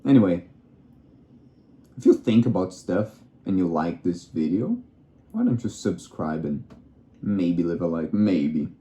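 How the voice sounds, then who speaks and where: A man with a very dark, mellow, low-set voice, speaking English as a second language. He muses in a wandering, self-questioning way. The sound is roomy and echoey. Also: big pitch swings, a little slow, long pauses. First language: not English. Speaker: vlogger. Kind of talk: rambling solo musing. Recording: roomy echo.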